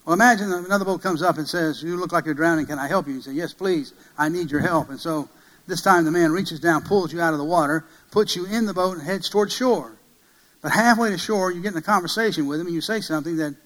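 A man preaching a sermon, emphatic, swinging from loud peaks to hushed passages and asking many rhetorical questions. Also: a little high, fast, low-quality recording.

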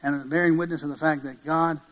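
A man preaching a sermon, emphatic, swinging from loud peaks to hushed passages and asking many rhetorical questions. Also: fairly high pitch, fairly even intonation, fairly quick, rough recording.

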